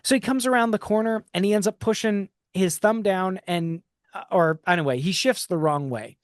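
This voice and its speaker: Speaking at normal speed, the male podcast host has a high-pitched voice captured in a dry, clean studio recording. His casual conversation is full of reflective storytelling, and he keeps restarting sentences.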